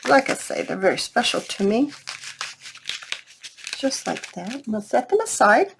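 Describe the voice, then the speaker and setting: A woman's voice: on the high side, very animated, measured pace, vocal fry, background noise. A woman chatting casually while working on a craft project, thinking aloud and talking to her viewers. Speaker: craft vlogger. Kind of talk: casual crafting tutorial chat.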